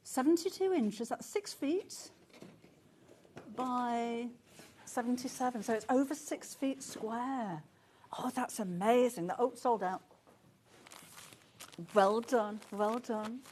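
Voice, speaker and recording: A woman presenting a live shopping channel, chatty and excitable, often gasping and laughing as she talks. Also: fairly high pitch, slow pace, long pauses, a little hiss or hum. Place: TV studio.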